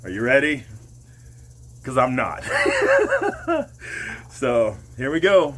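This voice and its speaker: Slow-talking man vlogging through mouth burn. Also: mid-range voice, expressive. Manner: slow, drawn out, breaking into loud whoops. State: mouth burning, eyes watering, nose running. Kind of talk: casual vlog to camera.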